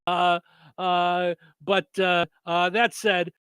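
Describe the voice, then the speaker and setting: A man's voice: high voice, little pitch movement, slow, a bit bright, clean tone, dry recording. A man hosting a radio morning show, chatting casually with many fillers and restarts. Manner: rambling, lots of fillers and restarts.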